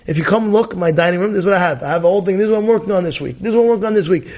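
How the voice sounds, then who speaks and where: A man with a notably high voice delivers a Torah class as a sermon. He talks with animation, repeats key phrases and slips into little acted-out voices of worried people. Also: racing, a little mellow. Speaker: rabbi.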